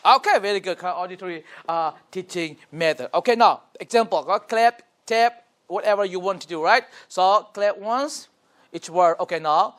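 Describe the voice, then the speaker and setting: Mizo-accented pastor leading a workshop. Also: male voice, high voice, normal speed, fairly bright tone, a little hiss or hum. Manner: asks questions, prompts group to repeat and clap. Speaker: pastor leading a teacher training. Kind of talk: interactive workshop teaching. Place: church classroom.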